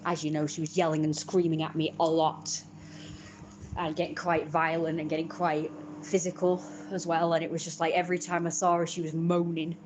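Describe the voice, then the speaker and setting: A woman's voice: low-pitched, little pitch movement, fairly quick, noisy background. A young woman vlogging at home in a rambling, casual way, swearing freely and laughing often. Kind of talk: casual chat to camera.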